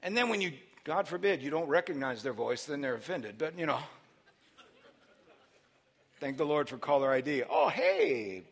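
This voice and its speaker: A man preaching a sermon, moving between quiet teaching and loud, shouted preaching. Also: fairly high pitch, lively intonation, moderate pace, long pauses.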